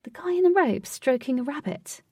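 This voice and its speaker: A woman's voice: sits high, lively intonation, moderate pace, a little mellow, dry recording, clean studio sound, recorded from a distance, voice pushed up. A woman voicing Katy, an impatient, cheeky young woman who loves to party, in a storybook reading. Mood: bratty. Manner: bratty, impatient, giggly.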